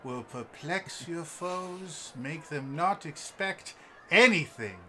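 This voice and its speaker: A man voicing an elderly, droopy male elf shopkeeper in a tabletop role-play, with a slow, drawn-out sales patter. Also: a little high, animated, a crowd in the background, voice pushed up. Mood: salesy.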